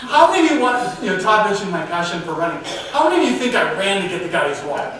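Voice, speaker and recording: A man's voice: high-pitched, big pitch swings, quick pace, hardly any pauses, fairly bright tone. A man giving a live talk on diversity to a company audience, speaking directly and putting questions to the listeners. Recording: very echoey hall, mic far off.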